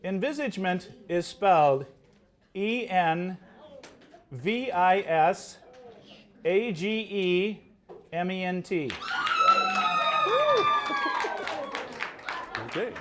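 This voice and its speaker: At a live spelling contest, a man with a high voice reads and spells out words at a slow pace, leaving long pauses, while some chatter can be heard behind him. His manner is animated and playful, and he jokes with the contestants.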